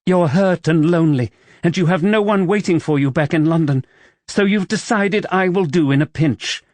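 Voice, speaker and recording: A woman's voice: lowish voice, normal speed, a little mellow, no room sound, pitched above the performer's own voice, lightly acted. A man voicing a proud, wary young widow who works as a paid companion, speaking tensely and defensively in an audiobook.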